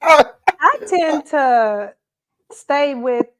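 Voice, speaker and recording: A woman's voice: sits high, animated, very slow. A woman on a discussion panel who speaks hesitantly and carefully, laughing at herself as she picks her words.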